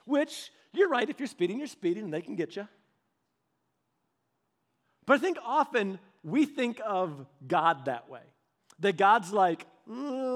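Pastor guy in his 30s, fairly high voice, chatty sermon full of "like", does little voices for everyone in his stories. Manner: animated, acts out quoted voices; conversational, with filler "like" and restarts. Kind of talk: casual storytelling sermon.

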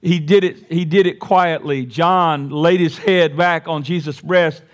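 Male pastor, slightly high voice, sermon delivery: soft reflection building to emphatic repeated refrains. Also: fairly even intonation, unhurried. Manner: preaching with big swings from quiet to raised, emphatic repetition.

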